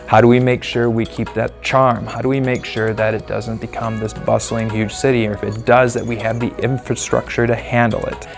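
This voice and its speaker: A man's voice: medium pitch, little pitch movement, normal speed, gravelly, few pauses, faint music behind. A man hosting a casual interview podcast, talking in a loose, rambling way with many fillers. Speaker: podcast host.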